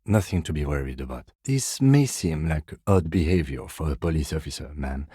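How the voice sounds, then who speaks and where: An actor playing a reserved, precise middle-aged police lieutenant in a video game, speaking in a measured, formal, dry way. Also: male voice, a bass voice, expressive, dark tone, husky, no echo, exaggerated voice. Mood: calm, formal. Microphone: close studio mic.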